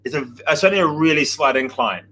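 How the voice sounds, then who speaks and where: A man, chatting casually and telling a rambling, animated anecdote on a breakfast show. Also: fairly high pitch, quick pace, slight background noise, rough recording. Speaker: gym coach on breakfast show. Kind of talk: casual storytelling banter.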